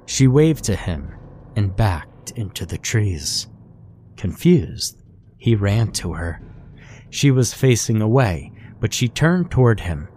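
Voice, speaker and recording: Brief: male horror-story narrator; slow, measured delivery, somewhat low voice. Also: very animated, a little mellow, slight background noise.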